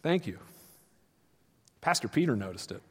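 A man preaching a sermon as pastor, shifting from quiet explanation to loud, animated retellings. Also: medium pitch, normal speed, breathy edge, long reverb tail. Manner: swings from quiet teaching to loud, animated acted-out quotes.

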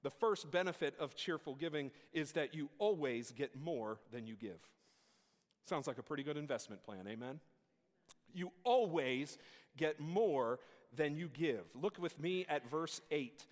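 A man preaching a sermon to a church congregation. He calls out questions for the congregation to answer and builds up to shouting. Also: on the high side, animated, a little slow. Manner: preaching with call-and-response, rising to shouts. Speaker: pastor. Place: church sanctuary. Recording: long hall reverb in a church.

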